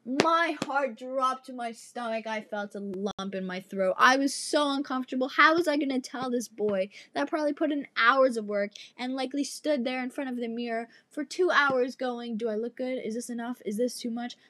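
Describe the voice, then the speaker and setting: A woman's voice: high voice, moderate pace, hardly any pauses, sharp tone, no room sound. A young woman hosting a podcast who tells a story in a casual, dramatic way and addresses her listeners directly. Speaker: podcast host.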